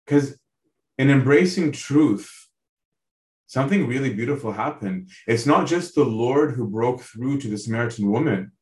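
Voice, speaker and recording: A man preaches as a priest, talking earnestly to his listeners and checking in with them as he goes. His voice sits at an ordinary middle pitch. The recording carries a noticeable roomy echo. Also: animated, moderate pace, darkish tone. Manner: earnest, asks listeners direct questions; conversational, tags lines with "right?". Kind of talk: sermon on a Bible passage.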